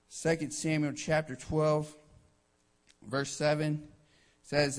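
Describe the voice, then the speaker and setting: A man's voice: fairly high pitch, a little slow. A man preaching a sermon with emphatic delivery, often starting lines with "hey" and acting out quotes.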